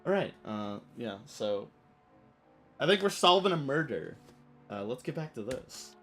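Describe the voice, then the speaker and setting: A man streaming a game, telling a story in an animated, rambling way full of fillers. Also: mid-range voice, measured pace, soft background music. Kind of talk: casual storytelling while playing.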